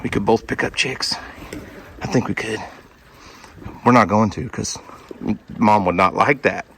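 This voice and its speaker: A man's voice: fairly low pitch, unhurried, fairly bright tone, a little hiss or hum. A man chatting casually and jokingly to his farm animals outdoors at a barn. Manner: joking, coaxing, talks to animals like pals. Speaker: homesteader vlogger.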